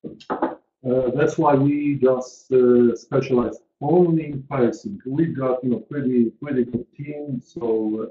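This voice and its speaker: A man's voice: mid-range voice, warm tone. Man giving an earnest webinar. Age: 40s. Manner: earnest, emphatic, repeats key points. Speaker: pricing consultant presenting a webinar. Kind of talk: online presentation to an audience. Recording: roomy, dull lo-fi call audio.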